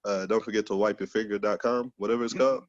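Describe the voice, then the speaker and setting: A man's voice: on the low side, fairly even intonation, fast talker, dry recording, dull audio. A man doing a loose, profane stand-up set over a video call, laughing at his own jokes. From Texas, USA. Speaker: stand-up comedian.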